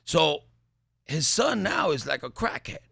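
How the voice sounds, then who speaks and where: A middle-aged father tells a story in a chat, his voice sitting a little high and full of gravel. He swings his pitch up and down as he acts out the people in it. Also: measured pace, no room sound, clean studio sound. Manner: lively, acts out what people said in raised voices. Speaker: boxer's father and trainer.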